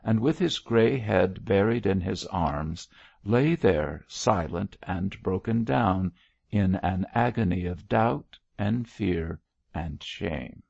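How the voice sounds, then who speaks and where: Deep, gravelly male audiobook narrator. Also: animated, takes it slowly, a little mellow, dry recording, lo-fi sound. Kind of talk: scripted narration of a Victorian novel.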